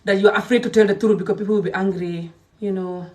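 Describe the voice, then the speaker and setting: A woman from Gambia delivers a heated direct-to-camera rant. She is emphatic and fiery, jumping between loud outbursts and low, muttered asides. Her voice sits a little away from the mic. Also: steady tone, quick pace, far from the mic. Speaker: social media creator.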